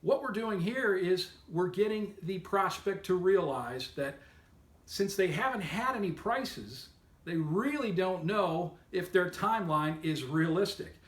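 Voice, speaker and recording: A man's voice: high voice, animated, measured pace, roomy sound. A man giving an upbeat, emphatic sales training lesson, coaching listeners on method. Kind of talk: instructional talk to camera.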